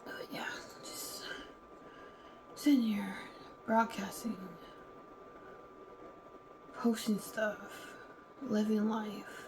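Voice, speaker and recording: A woman's voice: medium pitch, little pitch movement, drawn-out words, long pauses, background noise. A woman talking candidly and heatedly in a casual vlog, now and then acting out other people's lines. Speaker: vlogger. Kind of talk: casual venting monologue.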